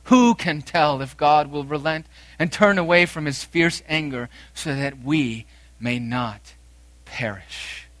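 A man preaching with a bright, forceful voice pitched a touch high. He swings between loud, emphatic declarations and quiet, low phrases. The sound is dry and close, with no room echo. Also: unhurried. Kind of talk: sermon.

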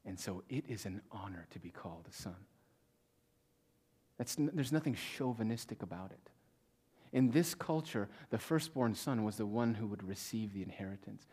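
A male pastor preaching a sermon to a congregation, reading scripture with slow stressed pauses and swinging between loud emphasis and hushed near-whispers. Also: lowish voice, animated, husky. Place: church in front of a congregation.

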